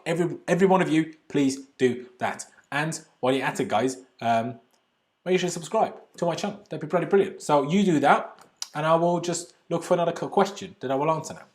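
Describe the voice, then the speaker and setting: A man's voice: fairly high pitch, fairly quick. A young man hosting a live stream, chatty and opinionated as he reads and answers chat questions. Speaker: YouTube channel host. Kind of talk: live stream Q&A about football.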